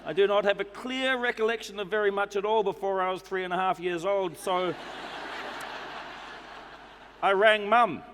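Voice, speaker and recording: A prim New Zealand man, put on by a male comedian reads a formal complaint letter with fussy precision. The voice sits high, well above the comedian's own. It rings out through a reverberant hall, with faint ambience underneath. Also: fairly even intonation, normal speed, pauses often, background noise, lightly acted. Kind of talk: stand-up comedy reading. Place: comedy club stage.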